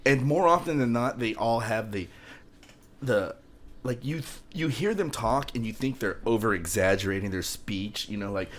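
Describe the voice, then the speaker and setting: A man's voice: mid-range voice, normal speed. A man co-hosting a podcast, telling loose stories with frequent laughs and swearing. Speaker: podcast co-host. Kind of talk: casual chat.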